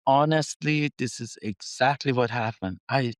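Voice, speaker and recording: The chief executive of a mining company tells animated stories in a podcast interview, acting out the dialogue and using non-native phrasing. His voice is medium-pitched and a little slow, and the recording is dry.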